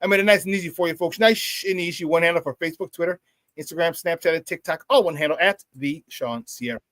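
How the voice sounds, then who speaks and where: Hyped high-voiced sports host. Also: male voice, quick pace, a bit bright, dry recording. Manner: hyped, boisterous, laughs often, reads viewer comments. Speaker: sports talk show host. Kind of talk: live-streamed morning sports talk.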